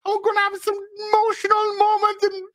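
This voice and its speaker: Squeaky melodramatic harfoot lady, guy putting it on to mock her, over the top. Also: completely flat delivery, fairly quick, fairly bright tone. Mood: mock-weepy. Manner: shrill mocking exaggeration. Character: overwrought sobbing female Harfoot, mocked.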